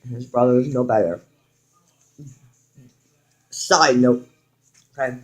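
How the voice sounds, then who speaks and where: A woman's voice: a bass voice, takes it slowly. A young woman vlogger telling a personal story in casual storytime style, frank and full of swearing, acting out the quoted lines.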